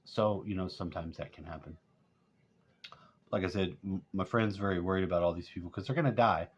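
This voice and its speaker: A middle-aged man telling loose, rambling stories and swearing constantly, getting loud and high when worked up. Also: brisk, a little hiss or hum. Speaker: vlogger. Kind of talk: rambling profane storytelling. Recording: dull lo-fi sound.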